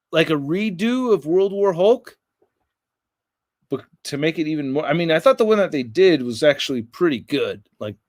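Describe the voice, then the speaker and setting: An American man hosts a casual livestream, rambling loosely as he works through viewer comments. His voice is a bit higher than most men's, and the recording is dry and close with no room echo.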